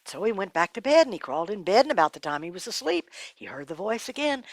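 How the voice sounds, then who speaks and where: A woman telling a Bible story to children in an animated, dramatic way, dropping her voice to a hush at times. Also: medium pitch, fast talker, few pauses, dry recording.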